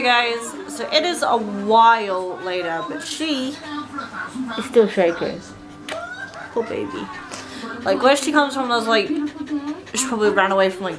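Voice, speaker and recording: A woman in her twenties with an English accent, chatting casually to her camera at home as a vlogger, soft-spoken and rambling with lots of fillers. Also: mid-range voice, background noise. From England. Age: 20s. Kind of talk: casual vlog chat. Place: at home, indoors. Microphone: handheld compact camera.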